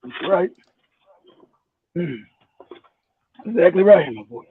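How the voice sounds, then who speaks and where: A man's voice: high-pitched, animated, takes it slowly, slightly rough, no room sound. A man calling in for casual banter, profane and laughing as he mocks people. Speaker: caller. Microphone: phone. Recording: tinny dry phone line.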